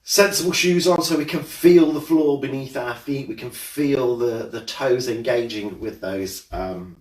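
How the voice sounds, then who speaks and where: A man's voice: mid-range voice, unhurried, echoey room, distant mic. Chatty man leading a home exercise class. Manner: chatty, jokey greetings to viewers, then steady cueing. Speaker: fitness instructor. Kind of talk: live-streamed exercise class. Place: home room.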